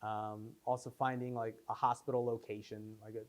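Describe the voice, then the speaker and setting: A man's voice: mid-range voice, level tone, moderate pace, a little mellow. A man, the filmmaker, telling rambling behind-the-scenes stories with lots of fillers at a Q&A after a screening. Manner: rambling anecdotes, many fillers, acts out quotes. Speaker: filmmaker answering audience questions. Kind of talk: casual post-screening Q&A. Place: screening room before an audience.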